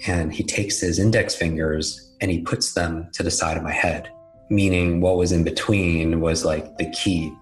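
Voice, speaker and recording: A man tells his life story in a candid, self-deprecating, conversational way. His deep voice is steady and unhurried, with soft background music on a low-quality recording.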